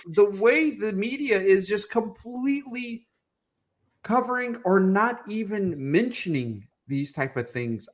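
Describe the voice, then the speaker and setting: A young man co-hosts a political podcast, and his voice sits a little higher than most men's. He rants with heat and plenty of swearing, piling up clauses as his outrage builds. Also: a bit bright. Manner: heated, profane ranting. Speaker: podcast co-host.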